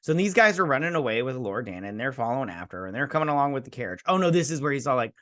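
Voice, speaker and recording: A man's voice: mid-range voice, big pitch swings, very fast, hardly any pauses, fairly bright tone. Sarcastic, rambling man recapping. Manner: sarcastic, exasperated, mimics characters mid-story; rambling with many fillers and restarts. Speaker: show host reviewing a TV episode. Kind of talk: casual ranting recap.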